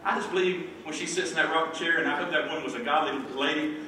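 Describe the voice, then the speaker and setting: A male pastor delivers a sermon with animated energy, now and then hollering to his congregation. His voice sits high for a man. The recording is distant and heavily reverberant, with a noisy church hall behind him. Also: quick pace. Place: church sanctuary. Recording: echoey hall, far from the mic, noisy.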